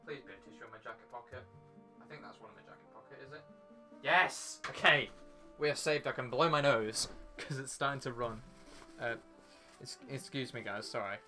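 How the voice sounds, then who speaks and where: A man's voice: mid-range voice, sharp tone. A young man streaming a game, chatting casually and rambling to his viewers, sniffly from a runny nose. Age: young adult. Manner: chatty, rambling, talks to chat and game character. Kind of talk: casual live-stream chat.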